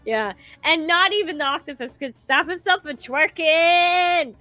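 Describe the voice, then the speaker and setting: A woman's voice: very high-pitched, unhurried, sharp tone, no room sound. A woman playing a tabletop game, rambling with lots of fillers and giggles. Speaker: player. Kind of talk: casual tabletop game play.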